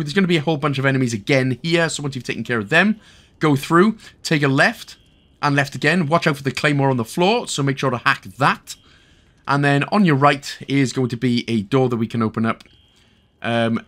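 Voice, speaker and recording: Speaking at medium pitch with a fairly bright tone, a man from Wales talks through a game walkthrough. He keeps it relaxed, addressing the player with chatty, joking asides.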